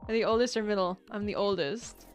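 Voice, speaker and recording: A woman's voice: medium pitch, fairly quick, smooth, soft background music. A woman streaming casual chat, rambling with frequent restarts, swearing casually and laughing often.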